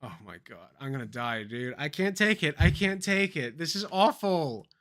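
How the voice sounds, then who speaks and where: A man's voice: a little high, sing-song, normal speed, fairly bright tone. A man streaming live reactions to clips, exasperated and theatrical, swearing through long rants.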